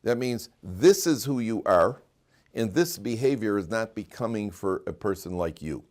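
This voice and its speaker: A man's voice: lowish voice, expressive, normal speed, darkish tone. A man, a rabbi, giving an informal Torah class to listeners, joking and often restarting his sentences. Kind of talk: conversational Torah lecture with stories.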